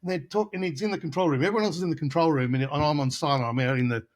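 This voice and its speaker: Middle-aged man, guitarist guest, casual anecdotes, slightly high voice, lively retelling. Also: rapid-fire. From Australia. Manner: animated anecdotes, acting out quoted voices. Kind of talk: casual storytelling interview.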